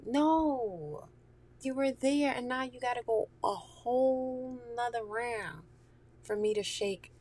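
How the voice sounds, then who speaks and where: A woman's voice: a little high, slow pace, a little mellow. A woman talking candidly and profanely in a casual chat, laughing often and dropping into whispery asides.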